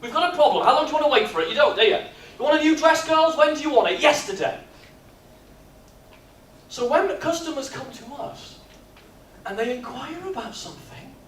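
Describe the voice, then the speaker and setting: A man, speaking at a business workshop and telling stories in a lively, jokey way. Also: high-pitched, a little hiss or hum. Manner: lively storyteller, jokey and animated. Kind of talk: live workshop talk with comic storytelling. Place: expo hall. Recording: echoey hall, mic from far off.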